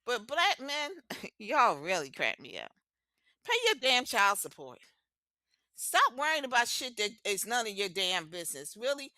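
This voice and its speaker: Woman podcast co-host, forceful bright tone, outspoken and profane, dry close mic. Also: fairly high pitch, very animated, unhurried, no echo. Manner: blunt, profane, emphatic. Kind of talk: casual opinionated chat.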